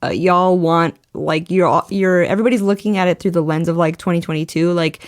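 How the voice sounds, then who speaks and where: A woman co-hosting a podcast in relaxed casual chat, using lots of filler words and laughing often. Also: fairly low pitch, brisk, no echo, clean studio sound. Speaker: podcast co-host.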